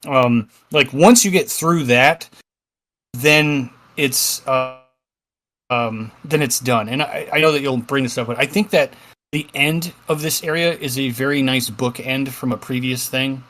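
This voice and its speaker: A man's voice: mid-range voice, unhurried, fairly bright tone. A man co-hosting a casual gaming podcast, rambling with lots of fillers and the odd swear. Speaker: podcast co-host.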